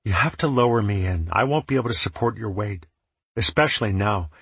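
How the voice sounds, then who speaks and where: Earnest young hero, curious and anxious, read by a man low and husky. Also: animated, fairly quick, a bit bright, dry recording, exaggerated voice. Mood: practical.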